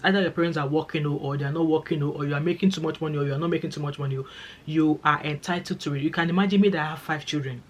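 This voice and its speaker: Fast-talking Nigerian woman vlogger. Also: low-pitched. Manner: chatty and emphatic, repeats phrases for stress, speaks straight to viewers. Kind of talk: casual talking-to-camera vlog.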